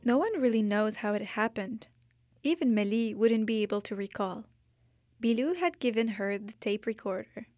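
A woman reading a children's storybook aloud in a gentle, measured, expressive manner. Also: on the high side, dry recording, studio quality, soft background music.

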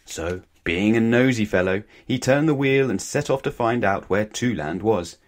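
A man reads a children's story aloud, gentle and playful, never in a hurry. His voice sits a little low for a man, and he gives each line an easy, friendly lilt. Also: lively intonation, normal speed.

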